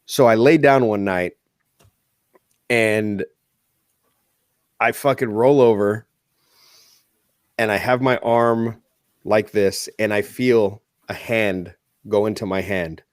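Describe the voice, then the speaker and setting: A man's voice: lowish voice, takes it slowly, long pauses, dry recording, clean studio sound. A man co-hosting a podcast, telling a personal story in casual chat with plenty of swearing. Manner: swears a lot in heartfelt storytelling. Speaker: podcast co-host.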